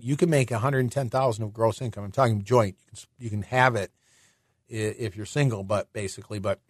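A middle-aged man hosting a finance radio show, explaining in a chatty way with rhetorical questions and quick restarts. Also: mid-range voice, dry recording, studio quality.

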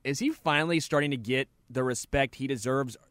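Male sports radio co-host, mid-pitched, dry close studio mic, joking banter, teasing, quick takes. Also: a bit bright, no echo.

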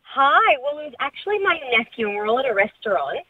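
A female caller telling a quick, breathy story about her nephew. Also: sits high, very animated, sharp tone, slight background noise. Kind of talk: phone-in anecdote. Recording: tinny phone line.

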